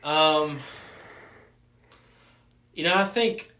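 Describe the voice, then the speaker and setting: A man who works as a college pastor, talking in a relaxed, easygoing way, often saying "dude" and "man". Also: fairly high pitch, extremely slow. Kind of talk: casual interview chat. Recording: roomy echo.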